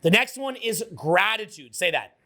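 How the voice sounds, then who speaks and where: A man coaching a live audience in a motivational seminar, energetic, swearing freely and getting the crowd to repeat his words. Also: high voice, normal speed. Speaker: social skills coach.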